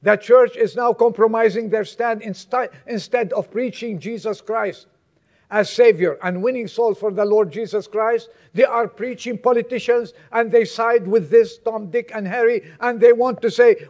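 At normal speed and in a steady tone, a male pastor delivers his sermon, emphatic and shifting from loud exhortation to quiet, low asides. The recording's highs are cut off.

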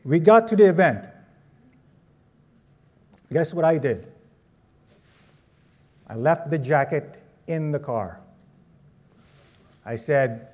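A Filipino man preaches a sermon built around a personal story, putting questions to the audience in a lively, conversational way. His voice is on the high side, and he takes it slowly with frequent pauses.

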